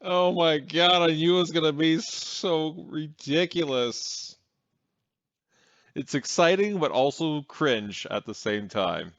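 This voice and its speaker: A man's voice: a little high, slow, fairly bright tone, no echo. A man hosting a casual reaction video, talking in blunt, exasperated asides recorded on a dull, lo-fi home mic.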